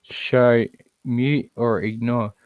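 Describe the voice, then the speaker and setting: A man's voice: mid-range voice, fairly even intonation, very slow, smooth, dry recording, narrow, tinny audio. A man chatting casually on an online call, brash and teasing, swearing freely. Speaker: hangout participant.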